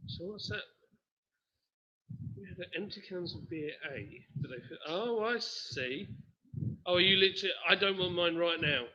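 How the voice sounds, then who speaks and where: Jokey brewery host on a live stream, bright and lively, dull lo-fi sound. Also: male voice, high voice, normal speed, pauses often. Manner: jokey, animated, reads comments aloud. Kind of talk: casual live-stream chat.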